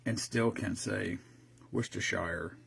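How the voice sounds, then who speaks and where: A man's voice: medium pitch, lively intonation, fairly quick, fairly bright tone. A man in his fifties chatting casually as a host, rambling and swearing, with lots of restarts. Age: 50s. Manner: rambling and profane, with frequent restarts. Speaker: streamer host. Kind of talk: casual chat.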